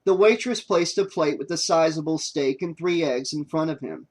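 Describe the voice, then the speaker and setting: A man narrating a horror novel audiobook in a steady, even storytelling manner. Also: on the high side, normal speed.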